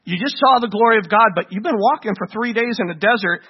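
A man preaching a sermon to a congregation, animated and asking them questions. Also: high-pitched, fast, hardly any pauses, husky, lo-fi sound. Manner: animated, asks the congregation questions, acts out voices.

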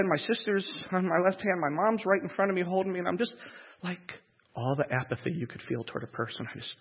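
A man telling a personal testimony in an emotional, halting way, repeating words as he goes. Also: high-pitched, slightly rough. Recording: echoey hall, dull lo-fi sound.

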